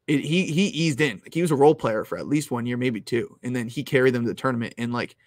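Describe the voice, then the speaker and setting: A young man hosting a live stream about sports bets, talking casually and loudly at times, rambling with lots of "like"s and restarts close to his mic. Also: mid-range voice, fast talker, dry recording. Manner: rambling, filler-heavy, restarts with "like"; animated, loud at times. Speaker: sports betting host.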